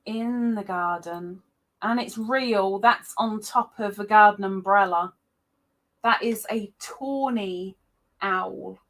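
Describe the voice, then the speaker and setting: A woman hosting a casual livestream chat, greeting viewers by name with excited jumps in her voice. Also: mid-range voice, takes it slowly. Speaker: livestream host.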